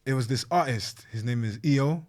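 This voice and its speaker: A man's voice: mid-range voice, a little fast, darkish tone. A young man, chatting bluntly as a podcast guest, swearing freely and saying bruv a lot. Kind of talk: casual chat.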